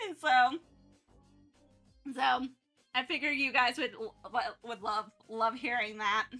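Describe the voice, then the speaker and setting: Bright young woman rambling on stream. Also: fairly high pitch, fairly even intonation, takes it slowly, long pauses, soft background music. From North Carolina, US. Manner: rambling, many restarts and fillers. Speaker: art streamer. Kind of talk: casual livestream chat.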